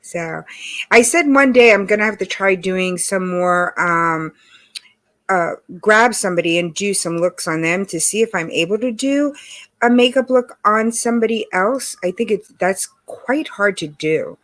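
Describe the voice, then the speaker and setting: A woman hosting a casual livestream, chatty and greeting viewers by name, her voice hoarse from allergies. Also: mid-range voice, a little slow, a bit bright. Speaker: livestream host. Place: home in Texas.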